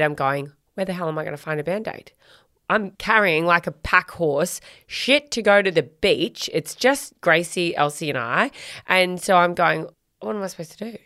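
A woman's voice: fairly low pitch, a bit bright, no echo, studio quality. A woman, co-hosting a casual chat podcast and telling a story bluntly, swearing and acting out quotes. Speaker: podcast co-host.

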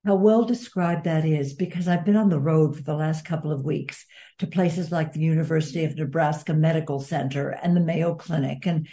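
Speak as a woman guest in a heartfelt interview. Your voice sits low and mellow, and you talk earnestly and reflectively, weighing each thought. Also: steady tone, brisk. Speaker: guest author and advocate. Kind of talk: interview conversation.

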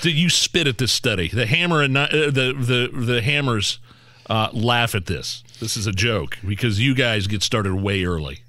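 A man's voice: mid-range voice, moderate pace, sharp tone, dry recording. A man in his forties, co-hosting a radio show, self-mocking and laughing often. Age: 40s. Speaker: radio co-host. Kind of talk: casual radio banter.

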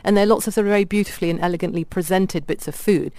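A woman from India chatting on a radio show, telling animated stories about restaurants. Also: fairly low pitch, racing. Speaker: radio guest reviewer. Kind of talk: casual radio chat.

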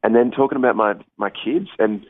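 A man's voice: fairly low pitch, no echo. Man on phone line, dry tinny sound, friendly musician guest, restarts a lot. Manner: friendly, halting with many restarts. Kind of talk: casual radio interview over the phone.

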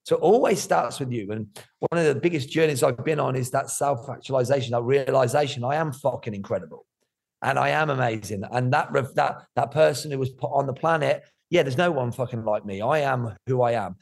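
A middle-aged man, talking candidly about his life in an interview, animated and swearing freely. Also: mid-range voice, a little fast, gravelly. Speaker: guest.

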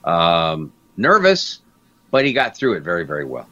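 An older man spins anecdotes with a bright, ringing tone, his pitch bouncing all over as he acts out the people he quotes. The recording sounds dull and lo-fi. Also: moderate pace. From Canada. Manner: animated storyteller who acts out quotes. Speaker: guest broadcaster. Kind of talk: anecdotal interview storytelling.

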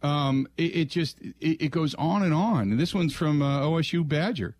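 A man's voice: on the high side, lively intonation, darkish tone, a little hiss or hum. A man hosting a sports call-in radio show, thinking aloud with frequent restarts and trailing phrases. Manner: musing, halting, many restarts.

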